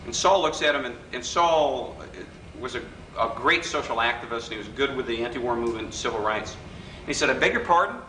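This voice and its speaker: A man's voice: medium pitch, brisk, pushed and bright. A man giving a workshop talk to an audience, teasing and joking, acting out quotes in his stories. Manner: joking, teasing, acts out quoted voices in anecdotes. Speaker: workshop speaker. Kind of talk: political persuasion workshop talk. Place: hotel function room with live audience. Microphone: distant room recording. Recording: echoey hall recorded from a distance, faint hiss.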